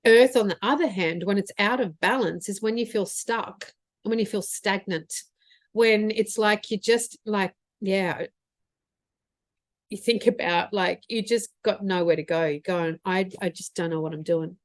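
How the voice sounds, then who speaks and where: A woman's voice: mid-range voice, a little slow, no echo, clean studio sound. Earnest woman giving a motivational talk. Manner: earnest, expressive, thinks aloud with fillers. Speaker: business mentor.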